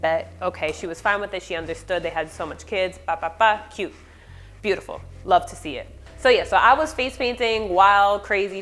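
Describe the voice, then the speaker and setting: A woman, a former party clown telling stories in a casual vlog, profane and animated, with sound-effect fillers. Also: medium pitch.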